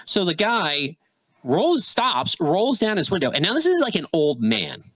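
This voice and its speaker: Dry, mid-pitched man telling a story. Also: measured pace, no room sound, low-quality recording. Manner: animated anecdote telling, heavy fillers. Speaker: podcast co-host. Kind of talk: casual conversation, storytelling.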